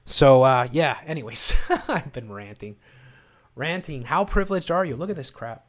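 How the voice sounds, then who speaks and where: A man's voice: medium pitch, lively intonation, moderate pace, no echo. A man hosting a live stream, ranting in angry, sarcastic, repetitive bursts of commentary. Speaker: livestream host.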